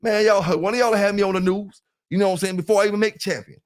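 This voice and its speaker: A man's voice: high voice, fairly even intonation, fast. A middle-aged man with a Southern US accent, hosting a casual livestream and talking loosely to his viewers. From South Carolina. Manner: loose and talkative, keeps saying "you know what I'm saying", greets chat members. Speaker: livestream host.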